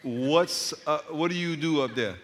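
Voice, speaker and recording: In a reverberant church auditorium, a middle-aged pastor from Long Island, New York, welcomes his congregation and jokes around with them. His voice is a little high and a little slow, with slight background noise.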